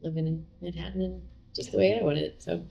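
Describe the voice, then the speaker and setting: Middle-aged woman guest, low gravelly voice, mellow, rambling chatty storytelling with lots of "like". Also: steady tone, fast, highs cut off. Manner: chatty, retells with quoted dialogue and many fillers. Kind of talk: casual interview storytelling.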